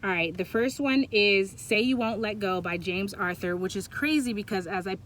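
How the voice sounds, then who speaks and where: A woman giving a pick-a-pile tarot reading, talking in a rambling, halting way that often turns emotional, recorded on a Bluetooth mic. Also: mid-range voice, fairly bright tone, a little hiss or hum. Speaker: tarot reader.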